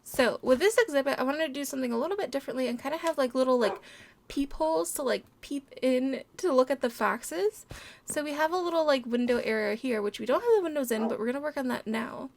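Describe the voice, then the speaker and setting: Bubbly, giggly high-voiced woman. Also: lively intonation, fast, creaky. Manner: bubbly and giggly, cooing over animals. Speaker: let's play host. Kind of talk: casual gameplay commentary.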